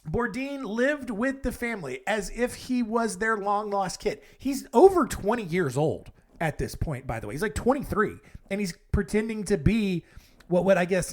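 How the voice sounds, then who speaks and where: A man hosts a comedic storytelling podcast with a fairly high voice. He talks in a rambling, casual way, breaking off for jokey asides and correcting himself as he goes. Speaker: podcast host.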